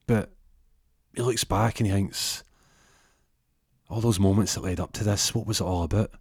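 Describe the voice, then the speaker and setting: A man's voice: fairly low pitch, steady tone, normal speed, a little mellow, husky, dry recording, clean studio sound. A man telling an absurd comic story in a rambling way, full of stumbles and restarts. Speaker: comedic storyteller.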